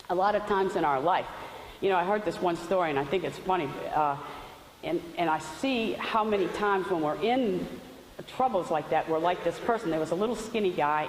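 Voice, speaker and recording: A woman giving a chatty faith testimony, telling stories with loose asides. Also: on the low side. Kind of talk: storytelling testimony talk. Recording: roomy hall with faint hiss.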